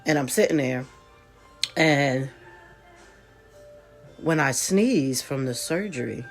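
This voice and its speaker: A woman's voice: a bass voice, expressive, slow pace, soft background music. A woman vlogger with a congested voice, telling a casual story straight to her viewers with chatty, folksy asides.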